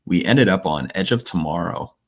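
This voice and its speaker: A man co-hosting a movie podcast, telling an anecdote in a casual, animated way. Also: low voice, normal speed. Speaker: podcast co-host. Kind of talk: casual storytelling chat.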